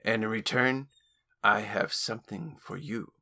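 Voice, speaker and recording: A man's voice: lowish voice, fairly even intonation, unhurried, gravelly, bright, forceful tone, exaggerated voice. A man voicing a small, sly alien lord who speaks in a grandiose, sneering way. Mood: haughty.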